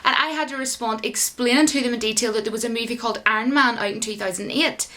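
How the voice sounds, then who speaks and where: A woman ranting in an indignant, animated way to her viewers in a vlog commentary. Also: a little high, fast talker. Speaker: YouTube commentator.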